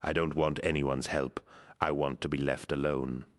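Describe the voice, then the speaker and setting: Anguished young female artist, read by a man, tearful and bitter, low register. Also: level tone, moderate pace. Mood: furious. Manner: tearful pleading and bitter outbursts.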